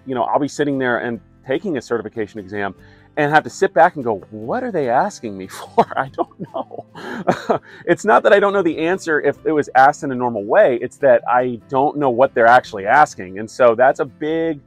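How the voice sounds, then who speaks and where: A man's voice: mid-range voice, lively intonation, fairly quick, faint music behind. A middle-aged man, a wastewater plant operator, chatting casually to his viewers with many fillers and wry asides. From California. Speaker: wastewater operator and YouTube host. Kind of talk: casual talk to camera.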